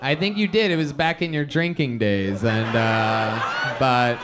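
A man's voice: medium pitch, fairly bright tone, soft background music, some chatter behind. A man hosting a live comedy show, teasing and questioning a guest on stage. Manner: teasing, quick interviewer. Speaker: host. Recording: live club recording with background noise.

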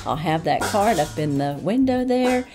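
A woman's voice: on the low side, expressive, normal speed, over music. A woman with a Southern accent chatting enthusiastically through an unboxing review in a homey way. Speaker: unboxing vlogger. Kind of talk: casual product review.

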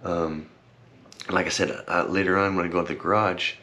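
Low, steady and pushed bright, a young man's voice moves at normal speed over slight background noise. Speaking casually into his camera, he rambles earnestly with lots of fillers and repeated thanks, sometimes tearing up in this heartfelt vlog.

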